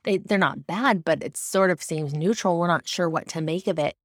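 Lady doing a faith talk, kinda low voice, earnest and explaining stuff, dry sound no room. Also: moderate pace, no room sound. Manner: earnest, explanatory, with occasional restarts. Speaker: devotional speaker. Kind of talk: faith-based teaching talk.

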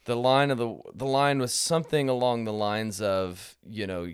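A man's voice: medium pitch, fairly even intonation, normal speed, clear, resonant tone, no room sound, clean studio sound. A man hosting a faith podcast, asking careful, thoughtful questions and hedging his opinions graciously. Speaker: podcast host. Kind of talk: casual faith conversation. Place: indoor room with guest.

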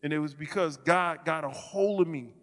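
A man giving a sermon testimony as a ministry leader, stammering and restarting, swinging from quiet asides to loud declarations. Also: fairly high pitch, moderate pace, long reverb tail.

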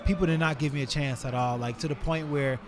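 Animated man telling stories, higher voice. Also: quick pace, a crowd in the background. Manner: animated, filler-heavy, acts out scenes with raised voice. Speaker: guest, retired fighter. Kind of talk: casual storytelling in conversation.

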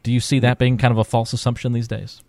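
A man co-hosting a talk show about finances, telling stories in a relaxed way with fillers and laughs. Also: mid-range voice, fast talker, no room sound, clean studio sound. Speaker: podcast co-host. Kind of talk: casual chat.

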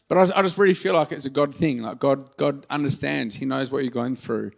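A man in his thirties delivers a heartfelt sermon in a church. His voice sits a little high and carries a gravelly edge. He speaks earnestly, like he's chatting, with warm self-deprecating jokes. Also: steady tone, moderate pace. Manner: earnest, emotional and conversational, with self-deprecating humor. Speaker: pastor. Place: church hall.

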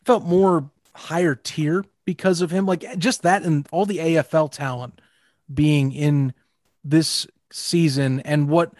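A man's voice: on the high side, steady tone, unhurried, a little mellow, dry recording, studio quality. A man co-hosting a casual sports podcast, talking hesitantly with lots of restarts. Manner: hesitant, many restarts and fillers. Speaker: podcast co-host.

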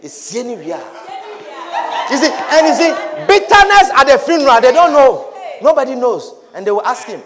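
A man preaching a sermon. He talks emphatically, repeats his phrases and swings into loud shouted declarations. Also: extremely high pitch, very animated, normal speed.

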